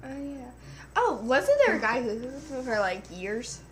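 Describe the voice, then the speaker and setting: Really high-pitched girl, bossy and teasing, yells now and then, faint hiss behind her. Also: big pitch swings, moderate pace. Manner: bossy, teasing, bursts of loud exclamations. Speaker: co-host. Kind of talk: casual chat on camera.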